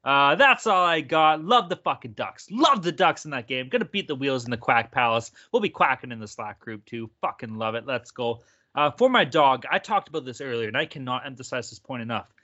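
A man's voice: medium pitch, animated, a little fast, pushed and bright. A man hosting a sports betting podcast, brash and profane, hyping up his picks. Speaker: podcast host. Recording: dull lo-fi audio.

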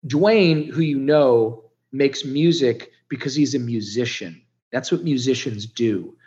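A man's voice: mid-range voice, unhurried, a little mellow, dull audio. A man in his fifties from Ohio, telling his recovery story as a podcast guest in a candid, emotional and profane way. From Ohio, United States. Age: 50s.

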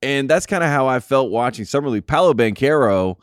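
A man's voice: mid-range voice, expressive, brisk, clear, resonant tone, no room sound. A man co-hosting a sports podcast in casual chat, giving blunt, opinionated takes with dry sarcasm. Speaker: podcast co-host.

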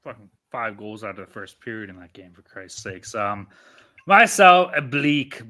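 A man co-hosts a sports-betting podcast, ranting casually and swearing nonstop in a profane, exasperated manner. His medium-pitched voice is very animated, pushed and bright, at a normal speed.

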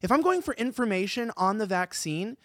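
A man hosting a casual talk podcast, excitable and joking. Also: high-pitched, a little fast, no room sound, clean studio sound. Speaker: podcast host. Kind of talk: casual studio talk show.

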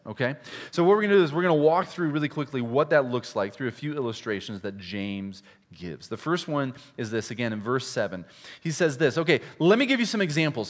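A male pastor from Iowa preaching a conversational sermon, swinging between loud, emphatic stretches and hushed, low asides. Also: in a large hall. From Iowa, USA. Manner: conversational, with restarts and direct questions to listeners.

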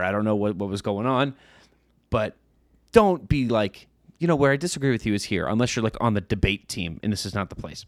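A man's voice: fairly low pitch, no echo, studio quality. A man in his thirties, a podcast co-host, telling a casual story and acting out the people in it. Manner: animated storyteller, acts out overheard voices.

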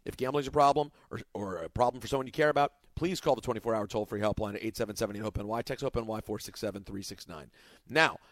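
A man's voice: fairly low pitch, fast talker, no room sound. A man hosting a sports talk podcast, playful and laughing often, stumbling over his words. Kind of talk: casual podcast banter.

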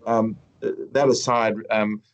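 A man hosting a podcast interview, talking in a rambling, halting way with many restarts. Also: fairly low pitch, little pitch movement, vocal fry, lo-fi sound. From Australia. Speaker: podcast host. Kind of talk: casual interview chat.

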